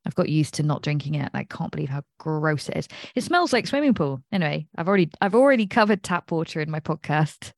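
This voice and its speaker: A woman's voice: sits low, expressive, fast, hardly any pauses, no room sound, studio quality. An English woman hosting an astrology podcast, talking in a chatty, digressive way and laughing at herself. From England. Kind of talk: casual rambling monologue.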